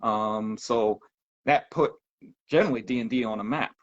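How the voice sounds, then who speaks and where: A man talking casually as a podcast guest, pausing often with ums. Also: fairly low pitch. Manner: halting, many ums. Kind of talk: casual conversation. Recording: dull lo-fi audio.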